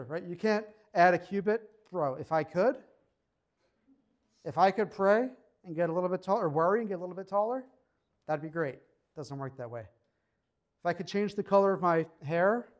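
A young man preaching a sermon in a relaxed, conversational way, slowing down when he reads scripture. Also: sits high. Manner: conversational preaching, slows to read scripture aloud. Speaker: pastor.

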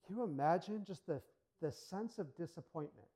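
A male pastor giving a sermon in a casual, animated storytelling manner. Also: fairly high pitch, normal speed, breathy edge, poor audio.

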